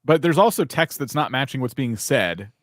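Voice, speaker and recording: A man's voice: medium pitch, animated, normal speed, fairly bright tone, no echo. Male live reviewer, candid and critical, chatty fillers, dry close sound. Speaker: YouTube channel reviewer, co-host. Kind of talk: live stream review chat.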